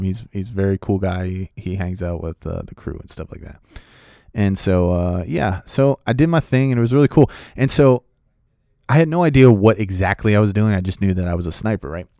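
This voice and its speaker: A man telling a casual anecdote about acting in a movie, excitable and rambling, with many fillers and restarts. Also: low voice, clear, resonant tone, no echo, clean studio sound. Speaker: actor telling a set story.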